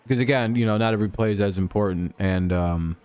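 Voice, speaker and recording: A man hosting a live watch-along stream, reacting to each pitch and answering chat in a loose, conversational way. His voice sits fairly low. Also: fast, darkish tone, smooth, no echo. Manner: chatty, replies to chat while calling pitches.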